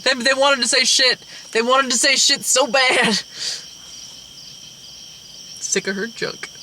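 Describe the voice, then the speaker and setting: A woman's voice: sits high, slow pace, pushed and bright, slight background noise. A woman co-hosting a casual movie review, talking in a blunt, profane, exasperated way. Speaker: co-host.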